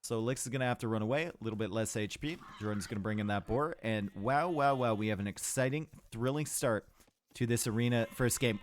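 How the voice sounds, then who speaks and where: A man's voice: medium pitch, a little fast, no room sound. A man with a Canadian accent giving upbeat, chatty live commentary on a strategy game match and answering his chat. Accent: Canadian English. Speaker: game caster.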